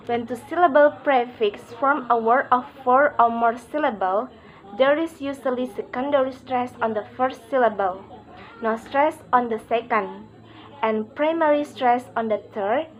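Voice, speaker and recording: A woman reading out a pronunciation lesson, halting and word by word with pauses. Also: fairly high pitch, poor audio.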